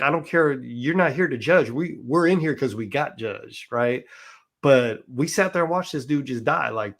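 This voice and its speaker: A man at middle pitch tells his stories in an unhurried, conversational way. He often restarts his sentences and tags them with "right?" to keep the listener with him, in the manner of a casual interview. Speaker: interview guest.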